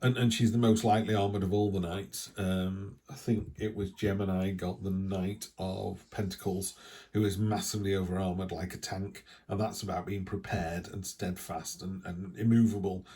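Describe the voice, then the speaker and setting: A middle-aged Englishman gives a casual weekly tarot reading, chatty and rambling with plenty of asides, stopping now and then to cough. His voice is low-pitched and mellow, delivered flatly at a moderate pace.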